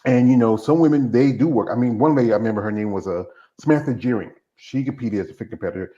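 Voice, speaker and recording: A man's voice: mid-range voice, fast talker, warm tone. A man hosting an interview, talking casually and rambling with half-finished sentences. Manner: rambling, easygoing, trails off mid-sentence. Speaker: interview host. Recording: dull lo-fi recording.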